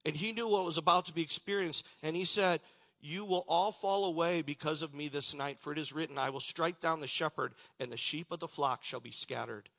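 A man preaching a sermon, reading scripture dramatically and swinging between loud declarations and hushed lines. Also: a little high, a little fast, creaky. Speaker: pastor.

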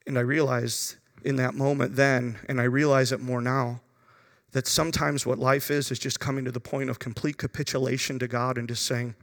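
A middle-aged man preaching a sermon, telling a personal story and moving between hushed, reverent passages and urgent, raised ones. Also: medium pitch, flat delivery, moderate pace. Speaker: pastor. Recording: long reverb of a large hall.

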